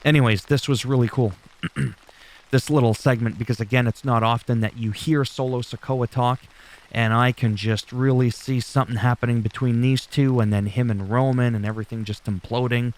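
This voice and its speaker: Chatty male recap YouTuber, mid-pitched, loose and rambling, curses casually. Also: steady tone, normal speed, a little mellow. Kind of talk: casual show recap commentary.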